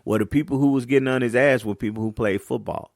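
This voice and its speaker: A man hosting a casual podcast monologue as a youth basketball coach, talking candidly and telling stories, getting animated when riled up. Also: mid-range voice, quick pace, creaky, dry recording, studio quality. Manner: slips into casual Southern-leaning American speech (y'all, ain't).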